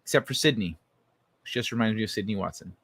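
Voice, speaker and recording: A man's voice: on the low side, fast talker, fairly bright tone, breathy edge. A man hosting a casual late-night livestream, talking loosely and with plenty of swearing while he reads viewers' chat messages aloud. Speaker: livestream host.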